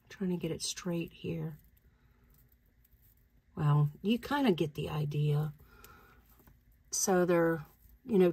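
A woman talks her way through an unboxing in a relaxed, chatty way. She takes her time between phrases, and her voice has a soft, breathy edge. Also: on the low side. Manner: chatty, thinks aloud, slow and unhurried, laughs easily. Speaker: reseller vlogger. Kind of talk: casual unboxing chat.

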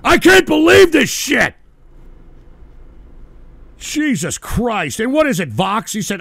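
A man hosting a call-in stream, ranting angrily and profanely, shouting in bursts. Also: extremely high pitch, wildly swooping pitch, slow pace, vocal fry, pauses often, slightly rough, no room sound. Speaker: radio show host.

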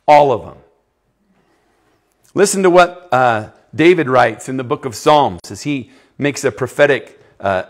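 Emphatic preaching man, slightly high voice. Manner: emphatic, swinging from loud to hushed; asks the audience questions. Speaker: youth preacher. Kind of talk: sermon.

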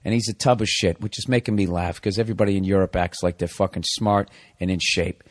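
A man's voice: low voice, fairly even intonation, quick pace. A man hosting a podcast, telling a comic story in a profane, ranting monologue. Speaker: podcast host.

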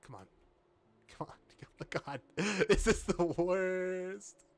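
A man's voice: high voice, takes it slowly. A man streaming a game, joking and laughing as he comments casually. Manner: joking, animated, laughs often, lots of fillers.

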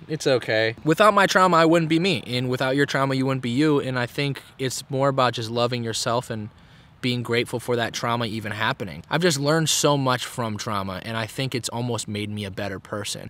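A man's voice: medium pitch, a little fast, fairly bright tone. A man in his twenties, vlogging outdoors in a park and talking candidly and profanely in a casual reflective monologue. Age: 20s.

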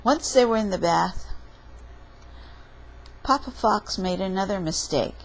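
A woman reads a picture book aloud in a slow, unhurried way, her voice a bit breathy. Her pitch rises and falls a lot as she tells the story. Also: poor audio. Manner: slow, expressive read-aloud. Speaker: storytime reader.

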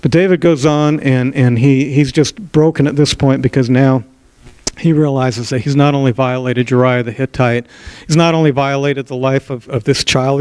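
A male pastor delivers a sermon, narrating a Bible story in a relaxed, conversational way. He talks at a medium pitch and sometimes restarts a phrase as he goes. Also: smooth, no room sound, low-quality recording.

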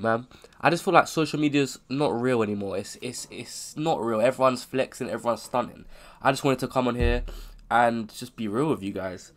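21yo guy vlogging from his room, sick voice, rambly and candid, keeps correcting himself. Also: medium pitch. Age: 20s. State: sounds ill. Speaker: content creator. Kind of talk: casual unscripted vlog. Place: home bedroom.

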